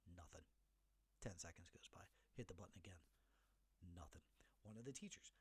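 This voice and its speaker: A man's voice: sits low, moderate pace, breathy edge, dry recording. A middle-aged man hosting a solo podcast, telling a story with animation and acting out the voices of the people in it. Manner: animated storyteller who acts out the voices of others. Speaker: podcast host.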